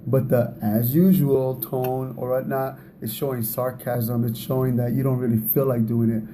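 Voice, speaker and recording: A man's voice: mid-range voice, flat delivery, normal speed, few pauses, warm tone, a little hiss or hum. A man giving a casual talk on relationships, speaking in a conversational way, often repeating words and laughing at himself.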